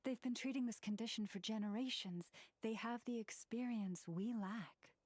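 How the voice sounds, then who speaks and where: A woman voicing a gentle female moon priestess healer in a breathy near-whisper, calm and solemn, in whispered role-play. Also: on the high side, normal speed, dry recording, clean studio sound, close to an everyday voice. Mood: calm counsel.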